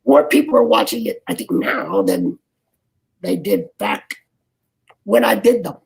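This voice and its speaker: An older man, an actor guest, chatting in an interview over a video call with a gravelly voice, rambling and restarting his sentences. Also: high-pitched, wildly swooping pitch, poor audio. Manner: rambling, halting, many restarts. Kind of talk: casual interview chat.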